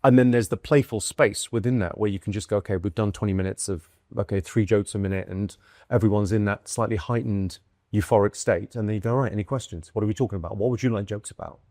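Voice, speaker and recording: A man from the UK, a comedian and guest, telling stories in lively conversation and acting out what people said. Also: on the low side, no room sound, clean studio sound. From United Kingdom. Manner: quick, lively storytelling with acted-out quotes and bursts of laughter. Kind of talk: animated conversational storytelling.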